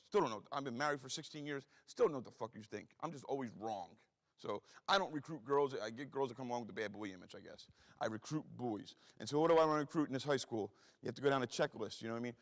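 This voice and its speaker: Fast-talking, profane man in a hall. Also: mid-range voice. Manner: profane, blunt storytelling with acted-out quotes. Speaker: guest speaker. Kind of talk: storytelling talk to an audience. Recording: long hall reverb.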